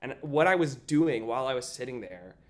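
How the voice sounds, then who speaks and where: A young man in an interview, telling a story in a lively casual way, often saying "like" and acting out what people said. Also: mid-range voice, fairly quick. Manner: animated, acts out quoted voices, frequent "like". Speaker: guest, stage actor.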